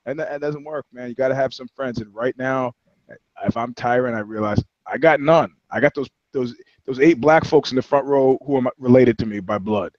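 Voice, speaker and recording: A man's voice: medium pitch, fairly quick, darkish tone, no echo. A man co-hosting a podcast in casual banter, a profane storyteller who rambles through anecdotes. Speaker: podcast co-host. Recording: slightly dull dry audio.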